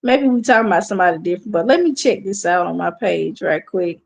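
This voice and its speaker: A woman's voice: lowish voice, lively intonation, quick pace, creaky. A woman with a Southern accent chatting casually with viewers on her livestream, answering their comments and repeating herself. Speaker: livestream host.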